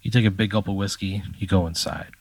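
Very deep-voiced man running a game. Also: fairly even intonation, fast, no echo. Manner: casual, profane storytelling. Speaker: game master. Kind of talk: narrating a tabletop game.

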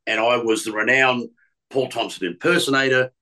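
A man's voice: mid-range voice, fairly even intonation, normal speed, pushed and bright, rough recording. A middle-aged man, a radio presenter, telling stories from his career in a rambling way, with many restarts and fillers. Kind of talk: casual storytelling interview.

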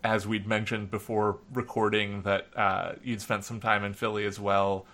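A man from Philadelphia chatting casually as co-host, halting and full of fillers. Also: lowish voice, little pitch movement, a bit bright. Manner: halting, many fillers and restarts. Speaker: podcast co-host. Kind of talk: casual chat.

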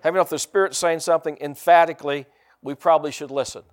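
This is a man preaching from the pulpit, with a voice sitting a little higher than most men's. He leans hard on call-and-response and keeps coming back to the same phrases. He slows right down whenever he wants a word to land. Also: steady tone. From United States. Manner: slows down to stress key words. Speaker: pastor. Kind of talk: sermon.

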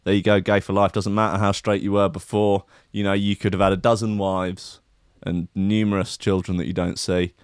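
A man's voice: low voice, level tone, moderate pace, smooth, no echo, studio quality. A man hosting a comic riff on the news, rambling and sardonic, swearing and mocking himself. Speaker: comedian host.

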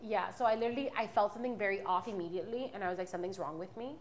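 A woman's voice: mid-range voice, racing, a little hiss or hum. A woman in her twenties giving a candid, rambling personal testimony as a podcast guest. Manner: candid, rambling, many fillers and restarts.

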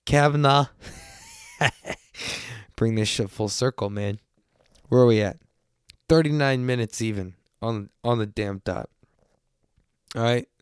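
A man's voice: mid-range voice, a little slow, long pauses, clean tone, no echo, clean studio sound. Profane, rambling podcast man. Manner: animated when quoting others. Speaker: podcast host. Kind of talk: casual storytelling.

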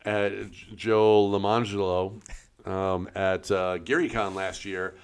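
Man with a very low voice, podcast co-host, rambling, lots of ums and uhs. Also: little pitch movement, takes it slowly, clear, resonant tone. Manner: rambling, searches for words with many fillers. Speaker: co-host, game store staff. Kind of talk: casual podcast chat.

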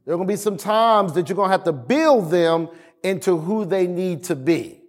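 A man preaching as a pastor, slowing for emphasis and acting out family scenes. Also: high voice. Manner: lively preaching, slows for emphasis, acts out family dialogue. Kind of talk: sermon.

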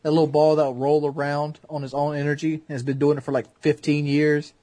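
A man's voice: on the high side, level tone, a little fast, dark tone, no echo. A man chatting on a podcast, telling rambling stories with lots of swearing. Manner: rambling, profane storytelling. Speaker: podcast guest. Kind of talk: casual podcast banter.

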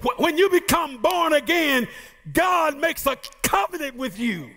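High, bright-voiced shouting preacher. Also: male voice, lively intonation, unhurried. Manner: shouting, sing-song preaching with playful asides. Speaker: pastor. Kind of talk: sermon.

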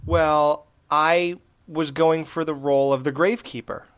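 A man's voice: a little high, fairly even intonation, unhurried, clean tone. A man co-hosting a horror podcast, chatting casually and rambling with lots of restarts and laughter. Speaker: podcast co-host. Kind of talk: casual chat.

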